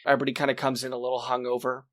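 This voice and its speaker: A man's voice: mid-range voice, monotone, rapid-fire. A man talking at length as a podcast guest in a casual movie discussion, often checking in with "right?". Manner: talkative, explains at length, peppered with "right?".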